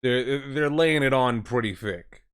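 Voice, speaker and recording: A man's voice: mid-range voice, a little slow, smooth. A man streaming a game, reading its lines aloud and commenting on the writing in a chatty, critical way.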